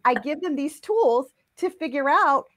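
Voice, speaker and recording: A woman's voice: high-pitched, lively intonation, unhurried. A woman hosting a parenting podcast as a coach, speaking emphatically and posing rhetorical questions. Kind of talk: casual conversational interview.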